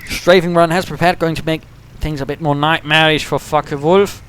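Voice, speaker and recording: High-voiced man commentating a game. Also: normal speed, slight background noise. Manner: chatty, gets excited and high-pitched at big moments.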